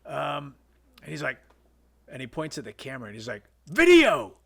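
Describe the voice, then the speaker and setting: Brisk and medium-pitched, with vocal fry and a bright, forceful tone, a male filmmaker is a guest in a casual interview. He rambles through behind-the-scenes anecdotes, filled with fillers and restarts.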